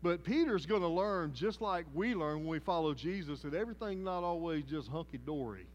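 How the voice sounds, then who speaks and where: A man with a Southern American accent preaching a sermon as pastor, telling the story in a folksy, animated way. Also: fairly high pitch, a little fast, dull audio. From Southern United States.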